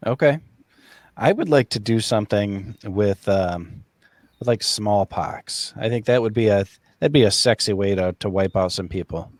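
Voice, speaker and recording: A man's voice: on the low side, normal speed, a little mellow, no room sound. Chatty man hosting over a dry mic. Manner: chatty, enthusiastic, laughs often. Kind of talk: casual panel chat.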